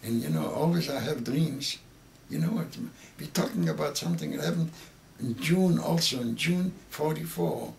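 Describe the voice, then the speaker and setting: A man in his eighties with Yiddish as his first language, telling a story with halting, repeated words that grow emotional. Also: on the high side, expressive, gravelly, darkish tone, a little hiss or hum. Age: 80s. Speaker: interviewee. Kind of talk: oral history interview.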